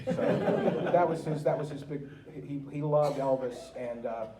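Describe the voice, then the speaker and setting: A man giving a talk as a guest speaker, telling anecdotes in a lively way with laughs and acted-out quotes, recorded in a museum room. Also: fairly high pitch, a little slow, over a noisy crowd. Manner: lively, laughing storyteller who acts out quotes. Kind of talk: anecdotal storytelling to an audience. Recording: roomy, distant, faint background noise.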